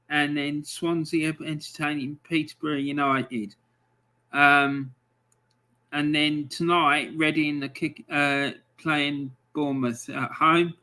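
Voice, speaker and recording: Casual male stream host, unhurried delivery with ums, bright tone. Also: on the high side. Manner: chatty, reads out fixtures with frequent ums. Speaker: live football score stream host. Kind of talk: casual live-stream commentary.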